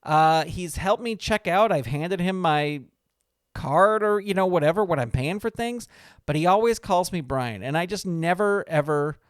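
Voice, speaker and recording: A man with a high, expressive, smooth voice hosts his own podcast at normal speed, telling a chatty, rambling story that keeps stopping and restarting as he interrupts himself. It's a casual monologue recorded in a small studio with clean sound and no echo.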